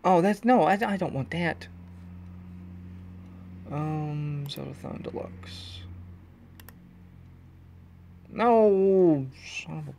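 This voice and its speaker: A man hosting his own casual podcast, rambling and self-deprecating, talking with excitable energy, recorded while in his car. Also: fairly high pitch, slow, gravelly, pauses often. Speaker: podcast host. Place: in a car on the road.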